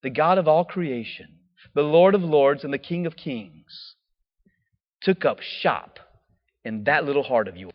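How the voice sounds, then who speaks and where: A man preaching a sermon in a lively, casual way, full of slang and acted-out quotes. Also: on the high side, big-room sound, muffled recording.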